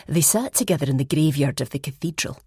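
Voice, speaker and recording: A woman narrating a first-person mystery audiobook in a measured storytelling manner. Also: sits low, animated, warm tone, breathy edge, dry recording, clean studio sound.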